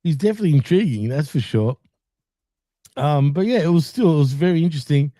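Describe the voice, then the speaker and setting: A man's voice: a little high, animated, brisk, warm tone, dry recording, studio quality. A man co-hosting a casual wrestling podcast, recapping episodes in a laid-back way, laughing often and swearing freely. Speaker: podcast co-host.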